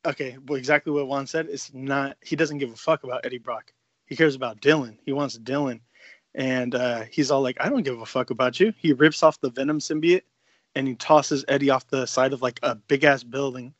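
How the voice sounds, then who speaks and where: A man co-hosting a podcast, excitedly recapping a comic story in casual chat, swearing freely and rambling. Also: medium pitch, a little fast, no room sound, lo-fi sound. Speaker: podcast co-host.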